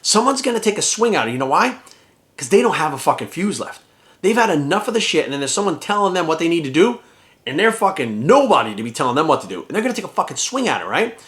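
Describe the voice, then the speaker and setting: Man, vlog rant, quick and profane, slightly high-pitched delivery. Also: sing-song, a bit bright. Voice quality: profane, heated and rapid-fire. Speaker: fitness trainer and vlogger. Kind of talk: ranting vlog monologue.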